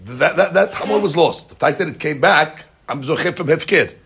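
A man teaching a daily Talmud class, an animated storyteller who mixes Hebrew and Aramaic into his English. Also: on the high side, normal speed, vocal fry, slight background noise.

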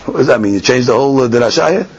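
A man teaching a Talmud lesson, chanting the text in a sing-song and then explaining it quickly, asking and answering his own questions. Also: mid-range voice, lively intonation, vocal fry, a little mellow, a little hiss or hum. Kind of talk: Talmud lecture. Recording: dull lo-fi podcast recording with faint ambience.

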